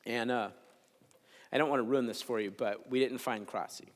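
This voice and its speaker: A man's voice: mid-range voice, steady tone, moderate pace. Joking man preaching in an echoing chapel. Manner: conversational, joking storyteller. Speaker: chapel speaker. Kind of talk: sermon. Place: large chapel. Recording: long hall reverb in a chapel.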